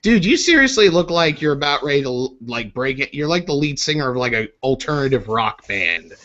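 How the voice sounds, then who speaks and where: A man's voice: medium pitch, big pitch swings, fairly quick, a bit bright. A man hosting a casual online group chat, rambling and joking with many fillers. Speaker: podcast host. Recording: slightly muffled with faint hiss.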